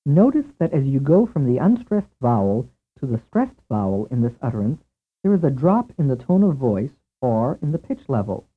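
Man, scripted language-lesson narration, measured question-and-answer delivery, lively pitch, thin tinny old tape sound. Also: husky. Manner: measured, asks a question then gives the answer. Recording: tinny lo-fi tape over a narrow band.

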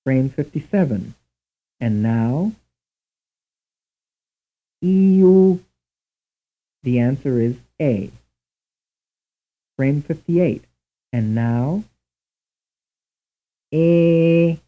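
Male instructor for lesson drills: slow, deliberate delivery with lively pitch, tinny lo-fi tape sound. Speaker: language instructor. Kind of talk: scripted programmed-lesson narration.

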